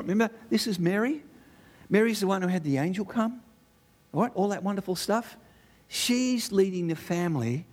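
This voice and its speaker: A middle-aged Australian preacher gives an energetic sermon, peppering listeners with rhetorical questions and quick asides. His slightly breathy voice sits a bit high for a man and swings widely in pitch as he drives home each point.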